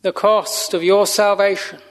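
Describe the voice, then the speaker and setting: High-voiced, slow, solemn male preacher. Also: flat delivery. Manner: slow, solemn, measured preaching with long pauses. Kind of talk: sermon.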